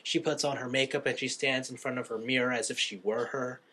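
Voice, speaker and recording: A young man with a mid-pitched voice and a brisk delivery goes over a film's story on the podcast he co-hosts. His casual recap comes alive as he acts out what the characters say.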